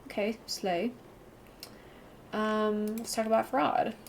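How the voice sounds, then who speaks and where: A woman's voice: medium pitch, level tone, slow pace, creaky, a little hiss or hum. A woman streaming a mystery game, making casual, wry asides between the dialogue. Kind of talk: gameplay commentary.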